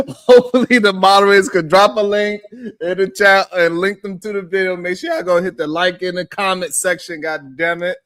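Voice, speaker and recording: Guy on a live stream, kinda high voice, cussing and chatting loose with his co-host. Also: bright, forceful tone. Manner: loose, swearing, addresses co-host by nickname. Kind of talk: casual chat.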